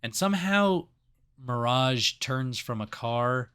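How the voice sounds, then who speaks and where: A man's voice: medium pitch, slow pace, clean tone. A man co-hosting a casual movie review podcast, cursing freely and acting out scenes as he retells them. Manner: swears freely, retells scenes with animated voices. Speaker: podcast co-host.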